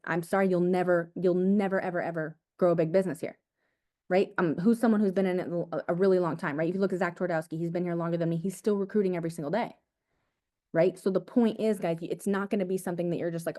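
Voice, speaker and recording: Fast-talking young woman coaching her team. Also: on the low side. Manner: energetic, repetitive, casual slang like "dude" and "guys". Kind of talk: motivational team talk.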